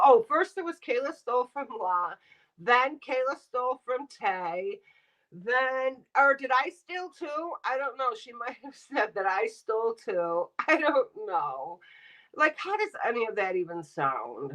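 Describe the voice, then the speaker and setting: Bright-voiced woman ranting on a livestream. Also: a little high, measured pace, rough recording. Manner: animated, blunt and sarcastic, addresses chat. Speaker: live streamer. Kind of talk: casual livestream rant.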